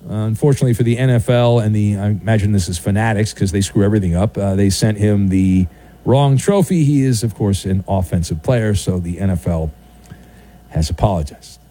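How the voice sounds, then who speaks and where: A man's voice: fairly low pitch, a little fast, warm tone. A man hosting a sports talk radio show, taking calls and joking in a playful, sardonic way.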